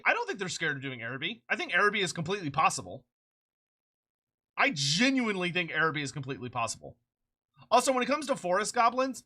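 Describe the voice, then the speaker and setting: Excitable streamer, swears a lot, rambling casual chat, very lively pitch, bright edge. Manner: excitable, swears freely, laughs often; rambling with frequent restarts. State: short on sleep.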